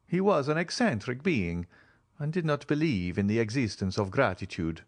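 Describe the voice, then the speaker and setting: A male audiobook reader voicing a grave, reserved nobleman who speaks in a measured way. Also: medium pitch, sing-song, voice pushed up. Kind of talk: audiobook character reading.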